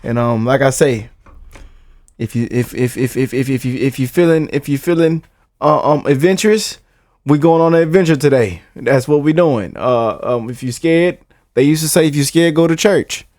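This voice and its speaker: A man's voice: medium pitch, moderate pace, a little mellow, dry recording, clean studio sound. A young American man hosting a casual reaction video, playful and mock-scared, laughing often and repeating himself. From United States.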